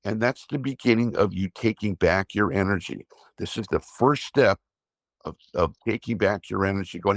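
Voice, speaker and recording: A man, an energy healer, calmly guiding a breathing exercise and explaining it in a slow, steady way. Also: lowish voice, no room sound, clean studio sound. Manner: slow, calm guiding with drawn-out pauses. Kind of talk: guided breathing instruction and talk.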